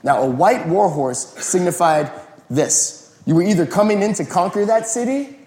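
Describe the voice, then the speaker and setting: A man preaching a sermon as a pastor, telling the story in a relaxed, conversational way and acting out the quotes. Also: sits high, moderate pace. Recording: echoey room.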